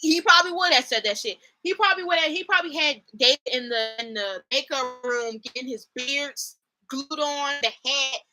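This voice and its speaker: A young woman hosting a casual commentary vlog, animated and slangy, laughing often and slipping into mock accents. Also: sits high, moderate pace. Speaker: host.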